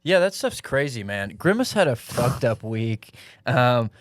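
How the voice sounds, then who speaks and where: A man co-hosting a podcast, joking in a deadpan, casual way with slangy asides. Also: mid-range voice, unhurried, no echo, studio quality. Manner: deadpan jokey, says "man" and "dude". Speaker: podcast co-host. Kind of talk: casual chat.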